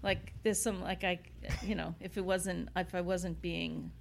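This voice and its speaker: A woman's voice: on the low side, level tone, measured pace, gravelly, a little hiss or hum. New woman, bar owner, casual interview guest, rambling anecdotes. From New York City. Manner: rambling, full of "you know" and "like", laughs while telling stories. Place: inside an old bar.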